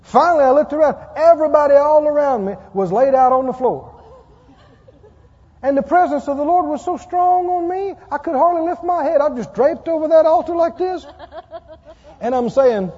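In a church sanctuary, a man with an extremely high, mellow voice preaches at a normal speed and leads an altar call. He's emphatic and pleading, using a repetitive preaching cadence. The recording is dull and echoey.

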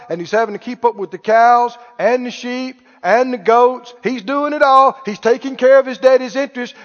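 A preacher giving a sermon, telling a story in a folksy way with lots of repetition. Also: male voice, very high-pitched, a bit bright. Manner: folksy storytelling, acts out dialogue, repeats phrases. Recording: echoey hall, dull lo-fi sound.

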